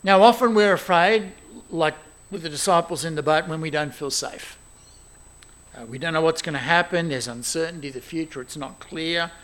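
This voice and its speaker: A man preaching a sermon, animated and exclaiming, moving between loud emphasis and quiet asides. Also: on the high side, normal speed.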